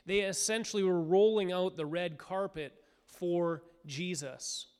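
A pastor delivers a sermon at an unhurried, measured pace. His voice is smooth and resonant, and it rings with a long hall reverb. He speaks earnestly, then rises into fervent, higher cries as he voices the crowd. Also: steady tone, darkish tone.

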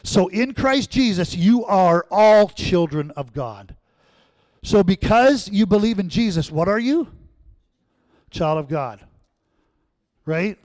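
A man preaching a sermon as pastor, calling out questions to the congregation and swinging between loud, emphatic lines and quiet asides. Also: high-pitched, animated, slow pace, long pauses, no echo. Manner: call-and-response, asking the congregation questions.

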